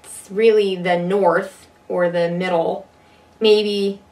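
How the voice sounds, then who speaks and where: A woman's voice: mid-range voice, fairly even intonation, slow pace, darkish tone, distant mic. A woman accent coach in a video tutorial, playful and demonstrating regional accents by example. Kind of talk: video tutorial played back.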